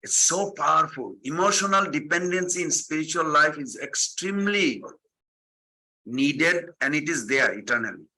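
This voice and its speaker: A man's voice: fairly high pitch, lively intonation, normal speed, sharp tone, low-quality recording. A man giving a devotional sermon, telling stories animatedly, repeating his phrases and acting out the quotes. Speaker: spiritual teacher.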